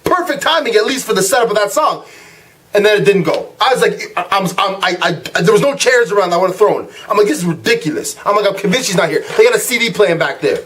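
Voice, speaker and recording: Young man, high-pitched voice, casual vlog rant, animated storytelling, acts out quotes, lots of fillers. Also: fast. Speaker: vlog host.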